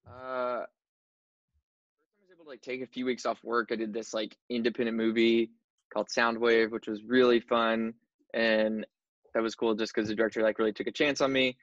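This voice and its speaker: A man's voice: mid-range voice, little pitch movement, brisk, dry recording. A young man, an actor, chatting casually about his career, easygoing and full of "like" and "dude". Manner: easygoing, says "like" and "dude" a lot. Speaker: actor guest. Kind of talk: casual interview chat. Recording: dull lo-fi dry recording.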